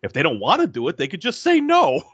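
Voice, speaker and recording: A man voicing a jittery, nerdy young man who keeps rationalizing himself, pushing his voice high. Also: wildly swooping pitch, fast talker, fairly bright tone, husky, no echo, dull audio, full character voice. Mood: frantic.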